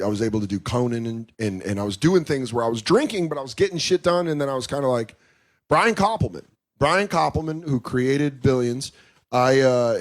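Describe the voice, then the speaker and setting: A man in his thirties, a comedian talking candidly in a podcast conversation, telling stories with lots of swearing and acted-out quotes. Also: medium pitch. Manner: profane, animated storytelling with quoted voices. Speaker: comedian guest.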